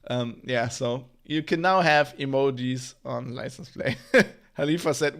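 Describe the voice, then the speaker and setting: A man's voice: mid-range voice, a little slow, vocal fry, fairly bright tone. A man hosting a casual livestream tech news show, rambling with lots of fillers, laughing and swearing.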